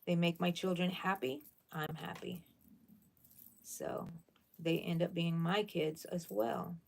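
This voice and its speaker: A woman's voice: on the low side, fairly even intonation, slow, creaky. A middle-aged woman hosting a casual crochet livestream, chatting with viewers, answering their comments and often calling them "people". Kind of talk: casual live chat with viewers.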